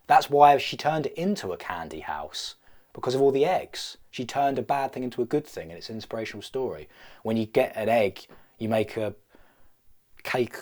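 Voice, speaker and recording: A man's voice: medium pitch, very animated, fairly quick, darkish tone. A man riffing through a comedic solo vlog, rambling and self-mocking, often stopping to restart his thoughts. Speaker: vlogger.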